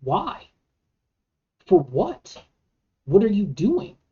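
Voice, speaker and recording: A woman's voice: medium pitch, huge pitch swings, very slow, muffled recording. A woman giving an earnest, argumentative monologue to camera, with many rhetorical questions and frequent restarts. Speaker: vlogger.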